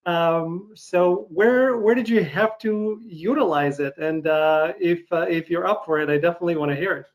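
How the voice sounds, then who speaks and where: Higher-pitched male interviewer, native Russian speaker. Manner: friendly, halting with fillers. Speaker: interviewer host. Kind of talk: casual interview conversation.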